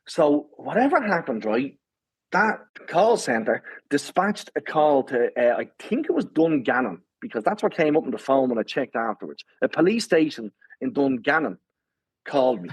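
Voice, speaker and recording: A man's voice: fairly high pitch, husky, no echo, low-quality recording. A man telling a story with lots of swearing and repeated "right?". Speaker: guest runner. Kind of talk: animated storytelling.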